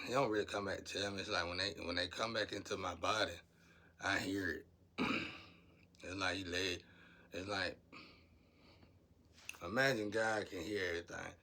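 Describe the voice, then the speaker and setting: A man's voice: deep voice, creaky, sharp tone. A man, talking to his viewers in a rambling, preachy monologue about spiritual matters.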